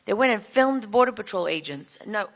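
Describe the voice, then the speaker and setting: A woman's voice: mid-range voice, lively intonation, moderate pace. A woman giving an impassioned speech at a summit, firing rhetorical questions at the crowd. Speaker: speaker at a border summit.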